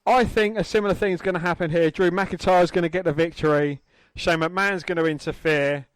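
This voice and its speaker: A man's voice: high voice, fairly even intonation, a little fast, clean tone, no room sound. A man co-hosting a podcast, calling wrestling moves in a blunt, crude, casual way. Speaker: podcast co-host. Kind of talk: casual wrestling commentary chat.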